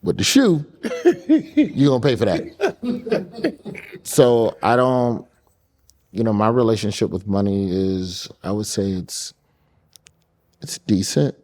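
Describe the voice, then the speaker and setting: Comedian dude, lowish voice, jokey, keeps cracking himself up. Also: male voice, slow pace, long pauses. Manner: joking, animated, laughing, rising into comic rants. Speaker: comedian guest. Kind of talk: casual interview talk.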